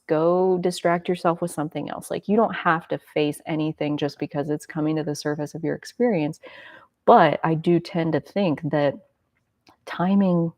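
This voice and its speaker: A woman's voice: deep voice, a little mellow, no room sound, clean studio sound. A woman hosting a casual spiritual self-help talk, reflective and rambling, with many filler words. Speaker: host.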